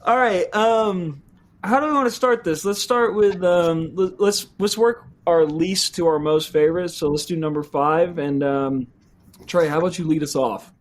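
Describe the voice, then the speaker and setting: A podcast host with a fairly high voice, talking crudely and joking his way through a casual chat with friends. He laughs often and swears freely. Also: normal speed.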